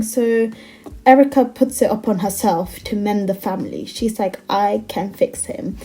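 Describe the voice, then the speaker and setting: A woman casually recapping a manga in an animated, exasperated rant, filling her talk with "like". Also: fairly high pitch. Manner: animated and exasperated, heavy use of "like". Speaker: anime commentator.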